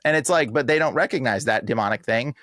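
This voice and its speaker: A man talking in a casual podcast interview, emphatic and animated, full of slang like "bro" and "like". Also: mid-range voice, fast talker, no echo, clean studio sound. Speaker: exorcist guest.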